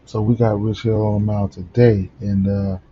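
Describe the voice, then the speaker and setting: A man's voice: lowish voice, level tone, moderate pace, dark tone, lo-fi sound, a little hiss or hum. A man hosting a casual sports betting picks rundown, sleepy in the early morning and rambling with many fillers and restarts.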